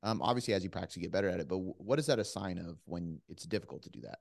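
A man's voice: low voice, expressive, very fast, vocal fry, a little mellow, no room sound. A man hosting a podcast, asking rambling questions in casual conversation and thinking aloud as he goes. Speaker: podcast host.

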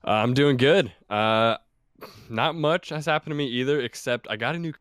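A man's voice: mid-range voice, moderate pace, a bit bright, clear, resonant tone, dry recording, studio quality. A young man on a podcast, telling a work story in a laid-back, rambling way with lots of fillers. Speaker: podcast regular. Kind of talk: casual storytelling.

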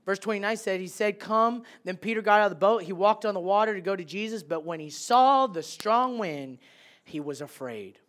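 A man preaching a sermon as a pastor, animated, swinging between loud bursts and hushed, quiet lines. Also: sits high, fairly quick.

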